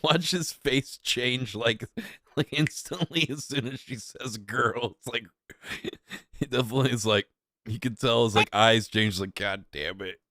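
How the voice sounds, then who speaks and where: A man's voice: medium pitch, a little slow, a bit bright, no echo, clean studio sound. A man casually commentating on streamer clips, laid-back and rambling, often poking fun at himself.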